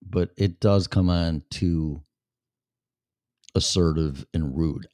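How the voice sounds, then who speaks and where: A lowish-voiced man hosts his own radio show and talks straight into a studio mic. He rambles in a blunt, profane way, and the sound is dry and close with almost no room echo. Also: slow, dark tone. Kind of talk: casual monologue. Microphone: studio microphone.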